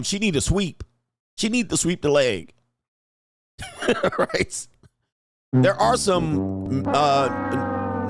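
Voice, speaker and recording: A young man hosts a casual live stream, thinking out loud with a quick, excitable delivery. His voice sits at a middle pitch and sounds dry and close, with little room sound around it. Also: dry recording. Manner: thinks aloud, excitable, laughs often. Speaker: livestream host.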